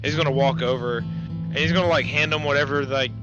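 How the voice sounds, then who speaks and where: A man's voice: mid-range voice, steady tone, brisk, highs cut off, music in the background. Casual male tabletop player.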